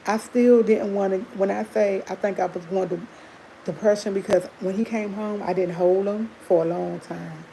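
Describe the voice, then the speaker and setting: A woman's voice: medium pitch, creaky, warm tone, slight background noise, poor audio. A woman hosting a livestream, chatting candidly to her viewers and laughing often as she tells a personal story. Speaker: livestream host.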